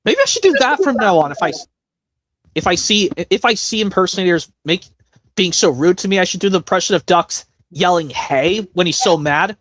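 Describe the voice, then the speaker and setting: A man's voice: high voice, animated, fairly bright tone. Rambling man hosting a voice stream. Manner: rambling, with restarts and quick bursts. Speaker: stream host doing voice impressions. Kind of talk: casual stream chat.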